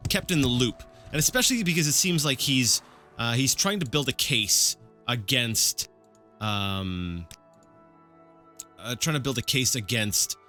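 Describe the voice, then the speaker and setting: Animated man narrating a video game. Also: mid-range voice, a little slow, faint music behind. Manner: rambling, thinking aloud with many fillers. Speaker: let's play host. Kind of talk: casual gameplay commentary.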